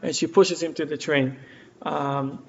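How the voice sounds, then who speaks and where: A man's fairly high, creaky, slightly mellow voice comes through a dull lo-fi room recording with slight background noise, his pace unhurried and intonation fairly even. Teaching in a community center classroom, he tells a story with many fillers and restarts while acting out what characters said.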